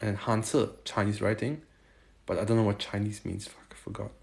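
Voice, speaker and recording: A man from Germany hosting a casual livestream, chatting with viewers and haltingly trying out Chinese phrases. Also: on the low side, steady tone, creaky, darkish tone. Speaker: livestream host. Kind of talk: casual live chat answering viewers.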